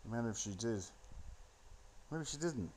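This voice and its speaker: A man's voice: medium pitch, lively intonation, normal speed, darkish tone, slight background noise. Sardonic man mocking a movie. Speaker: solo commentator. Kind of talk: rambling movie commentary. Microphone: phone.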